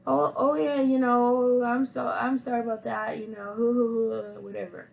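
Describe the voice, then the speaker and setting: A woman's voice: on the high side, flat delivery, normal speed, creaky, muffled recording, voice pushed up. A woman voicing a bashful fifty-year-old country man who speaks with a slight twang and stammers hesitantly. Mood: sheepish.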